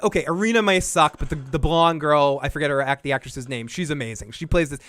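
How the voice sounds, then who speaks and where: A man's voice: fairly high pitch, fast talker, fairly bright tone, dry recording. A man co-hosting a casual TV commentary podcast, enthusiastic and profane, laughing often as he talks. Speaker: podcast co-host.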